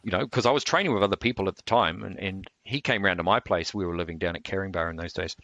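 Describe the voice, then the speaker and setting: A man's voice: low-pitched, fast, pushed and bright, dry recording. A man being interviewed as a martial artist, telling long rambling stories with many restarts. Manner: rambling, full of restarts and fillers. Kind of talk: casual storytelling interview.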